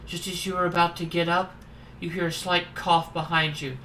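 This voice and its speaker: A streamer reads the narration of a horror dating game at a steady pace, mixing in wry, irreverent remarks. The voice is bright and clear. Faint background ambience stays under it throughout. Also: medium pitch, normal speed, a little hiss or hum, rough recording. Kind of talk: playing a dating sim, reading narration and commenting.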